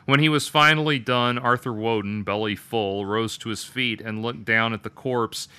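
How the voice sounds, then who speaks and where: A man reading his own dark story aloud with a measured, detached delivery. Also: fairly low pitch, clean tone, dry recording. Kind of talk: dramatic story narration.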